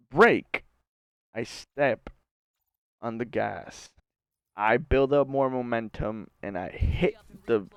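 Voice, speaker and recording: A man's voice: medium pitch, no echo. A young man, a university student, telling a rambling casual story full of slang and fillers. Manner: rambling, slangy, says bro and like a lot. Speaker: university student and gaming channel host.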